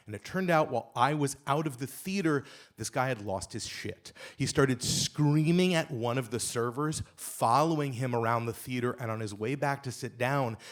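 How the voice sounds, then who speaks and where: Man telling a comic story on stage. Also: mid-range voice. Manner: emphatic, comic delivery, rising to shouts at punchlines. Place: stage at a live story event.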